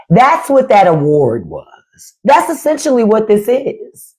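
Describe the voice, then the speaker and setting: A woman's voice: on the low side, very animated, moderate pace, a little mellow. A woman hosting a livestream, ranting bluntly and mockingly with plenty of profanity. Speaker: livestream host. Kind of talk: casual livestream rant.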